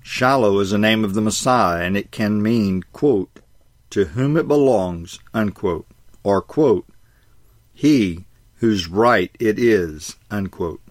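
Guy reading a sermon, kinda low voice, slow and deliberate, dry close sound. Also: no room sound. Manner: measured, slows for emphasis, reads citations aloud. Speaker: preacher.

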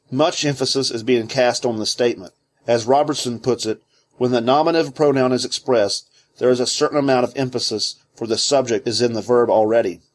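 A man reading a theology book aloud as scripted narration, in a measured, deliberate way. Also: medium pitch, darkish tone.

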